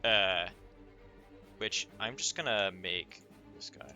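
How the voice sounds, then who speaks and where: A man narrating a tabletop game as game master, halting often with filler sounds as he goes. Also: low-pitched, pushed and bright, dull audio, soft background music.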